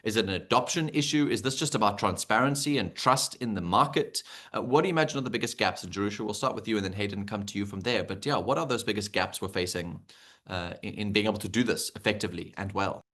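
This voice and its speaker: A man's voice: on the low side, fast talker, fairly bright tone. A South African man moderating an online panel over a video call, chatty and rambling with fillers. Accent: South African English.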